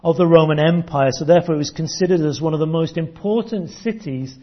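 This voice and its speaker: A man's voice: on the high side, fairly quick. A man preaching a teaching sermon to his congregation, earnest and prone to repeating words as he restarts. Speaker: pastor. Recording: dull lo-fi church recording.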